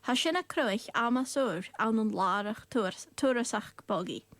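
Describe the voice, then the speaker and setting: A woman's voice: fairly high pitch, moderate pace, fairly bright tone, dry recording. A woman radio presenter reading news in English and Gaelic, with light personal asides.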